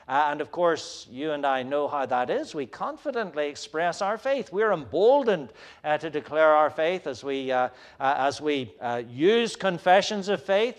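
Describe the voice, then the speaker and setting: A man preaching a sermon in an earnest, searching way, often pausing and hesitating. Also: fairly high pitch.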